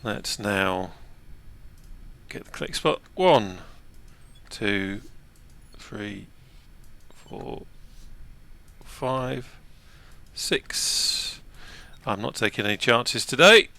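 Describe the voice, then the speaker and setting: A man's voice: lowish voice, expressive, drawn-out words, vocal fry, long pauses, bright, forceful tone. Chatty man narrating a flight sim. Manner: chatty, self-deprecating, talks while operating controls. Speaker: flight sim video host. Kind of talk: casual gameplay narration.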